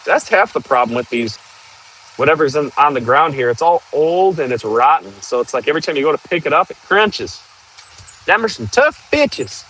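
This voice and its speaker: A man in his thirties talks in a slightly high voice, rambling to a live-stream chat and laughing often. He is working outdoors. A faint hiss of noise sits under his voice. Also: lively intonation, brisk, fairly bright tone, rough recording. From northern Michigan, USA. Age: 30s. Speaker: livestream host.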